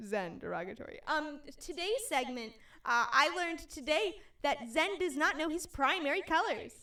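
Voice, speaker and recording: A young woman co-hosting a casual podcast tells stories animatedly, giggling often. Her voice is high and bright, at normal speed, and she sounds slightly distant from sitting a little back from the mic.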